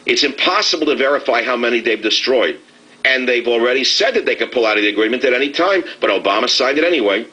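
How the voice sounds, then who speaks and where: A man hosting a radio talk show, delivering an indignant, sarcastic opinion monologue with dramatic swings in pitch. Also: lively intonation, fast, sharp tone, slightly rough, low-quality recording.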